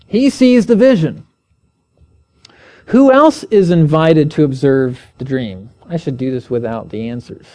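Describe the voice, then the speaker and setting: Earnest man preaching, mellow voice. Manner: earnest, asks the listeners questions, raises pitch when reading scripture aloud. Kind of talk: evening Bible teaching sermon.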